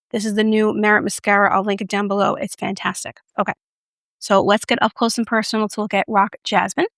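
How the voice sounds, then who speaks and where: Woman, beauty vlogger, playful, self-mocking, mid-pitched voice, soft whispers, dry close sound. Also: vocal fry, no echo. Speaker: beauty reviewer. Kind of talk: casual makeup review vlog.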